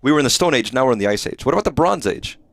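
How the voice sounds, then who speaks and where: A man's voice: medium pitch, expressive, very fast, fairly bright tone. A man streaming live gameplay, rambling and swearing casually, sounding exhausted and sleepy. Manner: rambling and profane.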